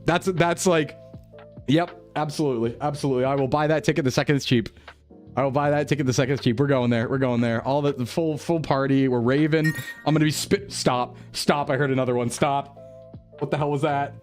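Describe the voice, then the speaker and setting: A man chatting casually on a live stream, excitable and gushing with thanks, often breaking into laughter. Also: medium pitch, a little fast, soft background music.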